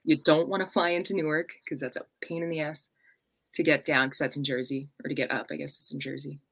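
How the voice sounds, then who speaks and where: A woman's voice: low-pitched, fast, vocal fry, slightly rough. A woman from Long Island with a New York accent, chatting casually as a guest and acting out stories with plenty of swearing. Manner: animated storyteller, swears freely, acts out quotes. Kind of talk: casual chat.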